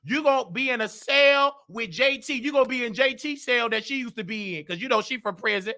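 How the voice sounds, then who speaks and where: Brash, high-voiced trash-talking man. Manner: brash, rapid, trash-talking, shouts often. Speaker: host. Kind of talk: loud gossip commentary.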